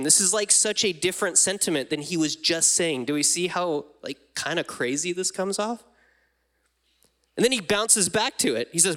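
Young male pastor, bright and slightly high voice, chatty sermon delivery with dramatic scripture reading. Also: expressive, normal speed. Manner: conversational, reads scripture aloud with rising dramatic emphasis. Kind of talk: casual sermon teaching from scripture.

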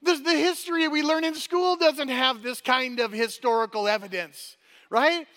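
A man preaching a sermon as pastor, energetic and chatty, often tossing "right?" at the congregation and restarting his sentences. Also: very high-pitched, normal speed. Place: church hall. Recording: long hall reverb.

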